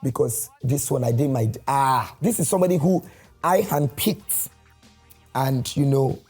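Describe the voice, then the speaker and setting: A man's voice: medium pitch, unhurried, a little mellow. A Nigerian man in his forties, a guest in a casual chat, exuberant and theatrical, often breaking into sing-song. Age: 40s. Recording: echoey room with faint music.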